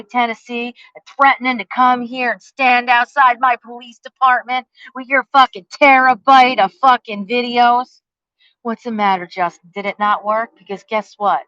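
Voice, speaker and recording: A woman's voice: fairly high pitch, bright, forceful tone, dry recording, dull audio. A woman, delivering a profane, confrontational rant, taunting with rhetorical questions and heavy cursing. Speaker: vlogger. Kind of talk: angry rant to the camera.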